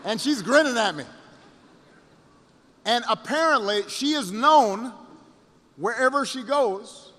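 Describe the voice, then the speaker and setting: A man giving a campaign rally speech, telling a story with repeated phrases and pauses that builds to rousing shouts, recorded in a reverberant hall. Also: very high voice, lively intonation. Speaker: political candidate.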